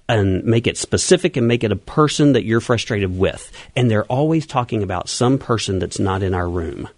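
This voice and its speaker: A man's voice: lowish voice, animated, normal speed, hardly any pauses, darkish tone, no echo, studio quality. A man being interviewed on the radio as an event organizer and coach, explaining his plans eagerly and at length.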